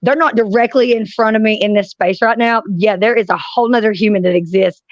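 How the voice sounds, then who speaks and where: A woman's voice: mid-range voice, fairly quick, no echo. A woman, chatting casually with friends as a streamer, blunt and profane as she tells stories. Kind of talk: casual chat. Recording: dry, dull lo-fi sound.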